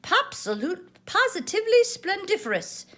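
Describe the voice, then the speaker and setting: An older woman voicing a bouncy, excitable male tiger who whoops exuberantly. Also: extremely high pitch, moderate pace, voice pushed up, heavily acted. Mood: excited. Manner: exuberant and loud.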